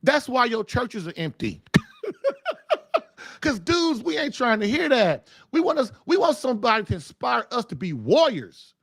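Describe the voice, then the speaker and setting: A man's voice: very high voice, sing-song, moderate pace, creaky, few pauses, fairly bright tone, no echo, studio quality. A man hosting a faith-based show, preaching in emphatic, casual talk full of folksy slang and repeated phrases for punch. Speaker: podcast host.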